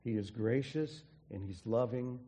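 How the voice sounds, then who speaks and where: A pastor preaching a sermon in an earnest way, often restarting phrases and dropping softly for emphasis. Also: male voice, mid-range voice, unhurried, big-room sound. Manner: earnest, with frequent restarts and soft drops for emphasis.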